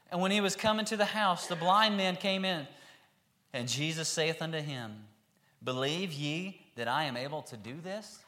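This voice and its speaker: A man preaching a sermon, reading scripture aloud and then acting out the characters in lively voices. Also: a little high, normal speed.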